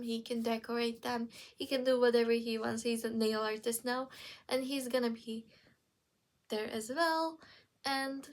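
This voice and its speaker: A young woman recaps shows she has watched for her vlog, rambling easily with plenty of fillers and restarts. Her voice sits a little high and carries a gravelly fry. She takes her time, talking at a slow, unhurried pace. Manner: chatty, lots of fillers and restarts. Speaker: vlogger.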